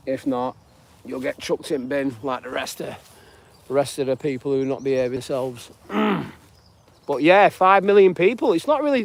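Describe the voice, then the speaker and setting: A man from northwest England with a northern English accent, chatting casually and rambling as he hosts a live stream on a dog walk outdoors. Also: mid-range voice. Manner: rambling and chatty, greets viewers by name. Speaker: live-streaming channel host.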